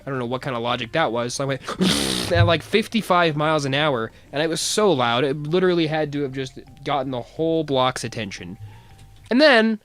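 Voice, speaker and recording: Animated young man telling a story. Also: a little high, a little fast. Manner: rambling, laughing, self-mocking. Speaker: vlogger. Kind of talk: casual storytelling.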